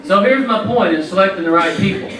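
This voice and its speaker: A featured speaker from the Southern US, his voice slightly high and his pace fairly quick, gives a folksy, joking storytelling speech in a large indoor event hall. He talks straight to the crowd. The hall echoes and the mic sits far away.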